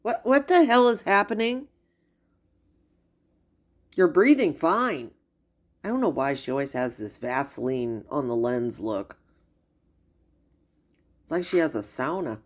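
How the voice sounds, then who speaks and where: A woman's voice: low-pitched, expressive, unhurried, pauses often. A middle-aged woman giving gossipy reaction commentary, incredulous and chatty. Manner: incredulous and gossipy, with frequent sighs and laughs. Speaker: commentary streamer.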